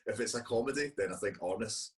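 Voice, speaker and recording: Scottish male guest, loose and halting, recorded at a distance. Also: fairly low pitch. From Scotland. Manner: rambling, hesitant, many restarts. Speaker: guest actor. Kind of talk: casual interview chat. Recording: distant from the mic.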